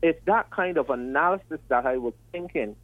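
A man, calling in to a radio talk show and laying out his questions in a measured, methodical way. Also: a little high, expressive, dry recording. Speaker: radio caller. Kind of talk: call-in radio discussion. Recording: tinny phone line.

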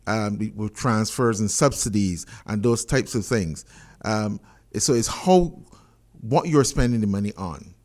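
Lowish-voiced bajan guy on radio, keeps jumping in to press his point. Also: expressive, unhurried, a little mellow. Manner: interjecting, emphatic, corrects points. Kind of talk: call-in radio discussion.

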